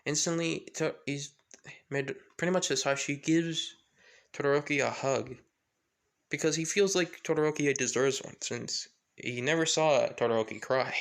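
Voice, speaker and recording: A man's voice: fairly high pitch, normal speed. Casual man retelling a fan story. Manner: rambling with many fillers and restarts.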